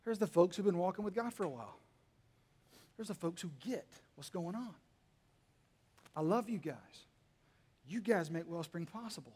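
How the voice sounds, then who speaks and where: A man preaching a sermon to his congregation, joking and teasing, swinging between quiet asides and loud emphatic lines. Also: sits high, lively intonation, moderate pace, long pauses, breathy edge. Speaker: pastor. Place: church hall. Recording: long hall reverb.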